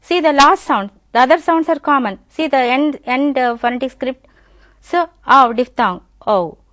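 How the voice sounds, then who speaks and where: A woman's voice: sits high, lively intonation, fairly bright tone, no room sound. A woman teaching pronunciation, repeating each word several times and explaining to her students. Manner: slow drilling repetition of words; addresses students directly, explanatory. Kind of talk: classroom pronunciation lesson.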